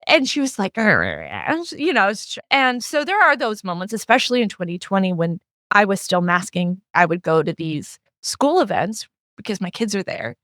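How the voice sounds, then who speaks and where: A woman's voice: medium pitch, expressive, moderate pace, fairly bright tone, no room sound, clean studio sound. A middle-aged woman talking candidly as a guest writer, telling stories and acting out what people said to her. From not from the Midwest. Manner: candid storyteller who acts out quoted exchanges. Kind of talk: casual podcast conversation.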